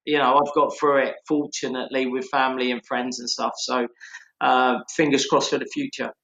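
A man in his fifties speaking earnestly and haltingly as a guest over a video call. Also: mid-range voice, flat delivery, vocal fry, sharp tone, reverberant, highs cut off. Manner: halting, earnest, many restarts. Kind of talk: casual reflective chat.

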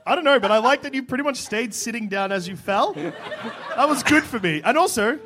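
A man's voice: very high-pitched, animated, moderate pace, noisy background. A man co-hosting a live comedy podcast, with dry humour, steering the talk back on topic. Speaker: podcast co-host. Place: live stage with audience.

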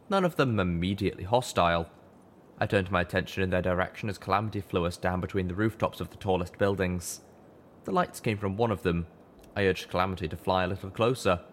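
A man's voice: sits low, a little hiss or hum. A man reading a fan-fiction audiobook aloud, narrating steadily in the first person.

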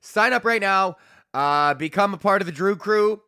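A man's voice: sits high, moderate pace, sharp tone, clear, resonant tone, no echo, clean studio sound. A man hosting his own podcast in a rambling, jokey monologue full of swearing. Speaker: podcast host and comedian.

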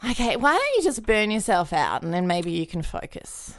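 A sweary, quick-witted woman co-hosting a podcast, her voice jumping around lively as she jabs at her partner. She laughs often, and the recording is close and dry. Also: mid-range voice, no echo. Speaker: podcast co-host. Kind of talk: casual banter.

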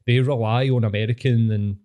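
A man's voice: mid-range voice, steady tone, brisk, mellow. Scottish guy hosting a podcast, swears constantly, chatty and loose. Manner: sweary, rambling storyteller who laughs often. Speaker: podcast host. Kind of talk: casual chat.

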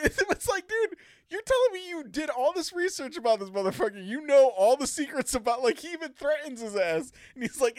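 A young man in casual chat with friends, animated and profane, laughing and acting out quotes. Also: very high voice, brisk, no room sound, clean studio sound.

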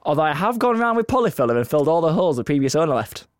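Young dude on a podcast, bouncy lively voice, kinda high, dry close mic, joking around. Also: male voice, very fast, no room sound. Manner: playful, laughs often, slips into put-on voices. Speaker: podcast co-host. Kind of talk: casual chat.

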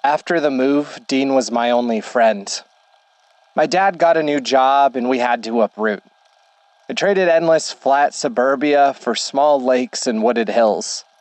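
A man narrating a horror story in a slow, measured way. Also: mid-range voice, no echo.

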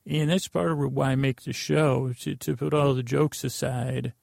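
Tired man with a very creaky voice. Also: medium pitch, steady tone, moderate pace, a little mellow, dry recording, clean studio sound. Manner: meandering and self-deprecating, with many false starts. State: tired from lack of sleep. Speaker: podcast host. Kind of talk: rambling bedtime podcast monologue.

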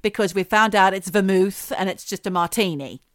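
A middle-aged woman co-hosting a podcast, teasing and quick with jokes. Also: mid-range voice, a bit bright, dry recording, studio quality. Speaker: podcast co-host. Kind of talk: casual chat.

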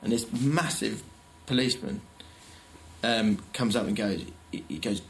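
A man's voice: lowish voice, unhurried, slight background noise. A man, telling stories in a casual podcast chat and laughing as he goes. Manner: animated, laughs through his anecdotes. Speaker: podcast co-host.

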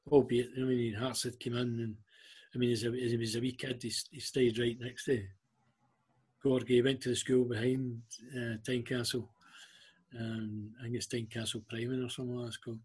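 A Scottish man with a husky, slightly breathy voice speaks at an ordinary middle pitch. He tells personal stories in an unhurried way, often stopping on ums and starting sentences over. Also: flat delivery, darkish tone. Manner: halting, with frequent ums and restarts. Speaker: interview guest. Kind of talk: emotional storytelling interview.

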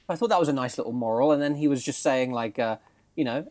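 A man's voice: medium pitch, fast talker. A young man, co-host of a casual podcast, animatedly recounting a film plot with laughs and swearing. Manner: animated, laughing, swearing, acts out quoted lines.

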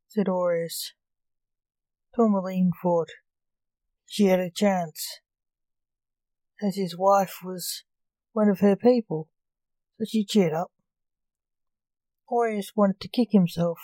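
A woman reading a short story aloud in a slow, measured way. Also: mid-range voice, steady tone, dark tone, dry recording, poor audio.

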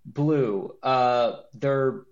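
A man co-hosting a podcast in casual chat, animated and joking, with a lot of laughing and restarts. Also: medium pitch, drawn-out words, muffled recording. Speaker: podcast co-host.

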